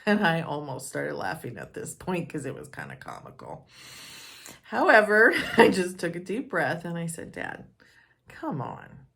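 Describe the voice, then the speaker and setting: Woman speaker sharing a personal story, lively and expressive, with some vocal fry. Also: lowish voice, moderate pace. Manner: animated, acts out dialogue, laughs often.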